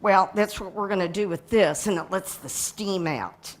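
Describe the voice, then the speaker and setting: A woman's voice: mid-range voice, normal speed. Chatty woman chef demonstrating a recipe. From United States. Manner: chatty, laughs often, explains as she works. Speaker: cooking show chef. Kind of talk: casual cooking demonstration.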